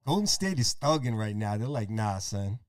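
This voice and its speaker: Male podcast host, excitable play-by-play caller, dry close voice. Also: mid-range voice, no room sound. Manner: rapid game calling, profane, excitable. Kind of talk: casual play-by-play over a game.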